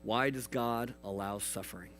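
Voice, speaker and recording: A man preaching a youth sermon in an earnest manner, swinging between hushed and emphatic. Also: lowish voice, moderate pace, slight background noise, low-quality recording. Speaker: youth pastor.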